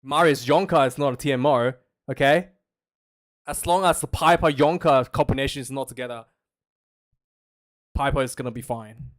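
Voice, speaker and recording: A man streaming casual live commentary on a match, chatty and jokey, prone to loud incredulous rants. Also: medium pitch, normal speed, pauses often.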